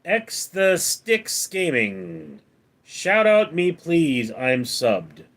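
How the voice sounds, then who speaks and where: A man hosting a late-night live stream, reading viewer comments aloud and answering them with deadpan one-liners. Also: fairly high pitch, drawn-out words. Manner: deadpan quips between read-out comments. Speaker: livestream host reading chat.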